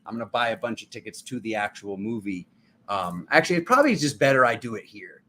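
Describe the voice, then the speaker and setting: A man hosting a live tarot reading, his voice bright and forceful. He preaches with fervent urgency and keeps addressing the viewers as his family. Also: on the low side, sing-song, fast talker. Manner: riled up, urgent. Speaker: tarot reader and channel host.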